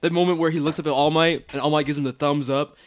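A young man co-hosting a podcast in casual chat, effusive and quick to laugh, with lots of filler words. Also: on the high side, steady tone. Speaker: podcast co-host.

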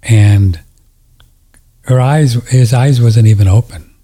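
Tender, rambling man, dark voice. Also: mid-range voice, slow, breathy edge. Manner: rambling storytelling, emotional and tender, laughs often. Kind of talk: casual chat.

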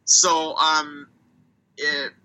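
A man's voice: a little high, completely flat delivery, drawn-out words, sharp tone, low-quality recording. A man co-hosting a hockey podcast, talking casually and thinking aloud as he weighs prospects and reads out stats. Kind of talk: casual chat.

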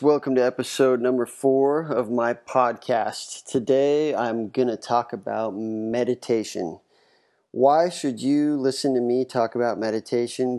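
A man's voice: mid-range voice, dark tone. A man hosting his own podcast, talking candidly and self-deprecatingly in a loose, casual way. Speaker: podcast host. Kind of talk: casual solo podcast talk.

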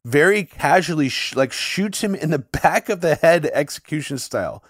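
Guy on a podcast, rambly and animated, lots of likes, dry close mic. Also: on the high side, moderate pace, no room sound. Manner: talks in long runs with frequent "like" fillers, animated when shocked. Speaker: podcast co-host. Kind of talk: casual conversational podcast chat.

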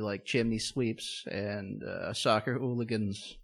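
A man's voice: fairly low pitch, steady tone, measured pace, vocal fry, hardly any pauses. A man co-hosting a casual chat about a TV show, joking and acting out lines. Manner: joking, acts out characters. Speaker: podcast co-host. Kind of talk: casual chat recapping a TV episode.

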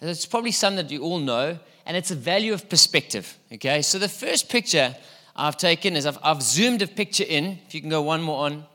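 A man's voice: on the high side, animated, fairly quick, pushed and bright. A middle-aged man preaching a sermon in a church hall, chatty and playful, quizzing his congregation. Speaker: pastor.

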